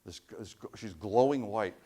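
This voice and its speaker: A man giving a university lecture, telling anecdotes in an animated way with frequent restarts. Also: lowish voice, unhurried. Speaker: professor giving a guest lecture.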